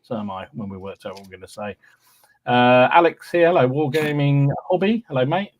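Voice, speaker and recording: A man's voice: mid-range voice, animated, fairly quick. Chatty man hosting a podcast. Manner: chatty, cheerful, with frequent ums and restarts. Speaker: podcast host. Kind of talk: casual chat, reading out live chat greetings.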